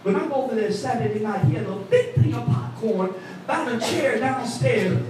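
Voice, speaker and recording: A man preaching an animated call-and-response sermon, recorded from a distance in a church. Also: normal speed, soft background music. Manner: animated call-and-response preaching, voice swooping high for quoted women. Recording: echoey hall, mic from afar.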